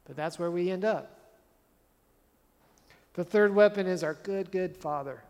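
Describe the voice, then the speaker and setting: A man's voice: sits high, unhurried, a little mellow, in a large hall. A man preaching a sermon as a pastor, conversational and earnest, driving points home with repeated phrases.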